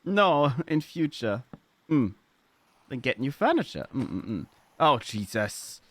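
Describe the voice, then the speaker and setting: A man's voice: mid-range voice, very animated, takes it slowly, fairly bright tone, no room sound. A man from Germany with a German accent, chatting casually with his live-stream audience, playful and swearing freely as he riffs on chat messages.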